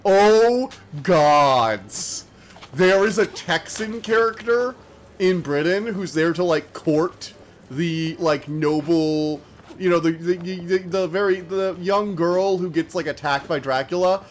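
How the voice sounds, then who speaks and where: A man streaming a game, chatting casually and rambling, talking fast and slurring his words together. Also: high voice, a little hiss or hum. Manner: chatty and rambling, many fillers. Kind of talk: casual live-stream chat while gaming.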